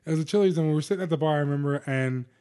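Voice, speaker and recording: A man co-hosting a podcast, telling stories in a casual, animated and profane way with quick asides. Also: a little high. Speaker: podcast co-host. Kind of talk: casual chat.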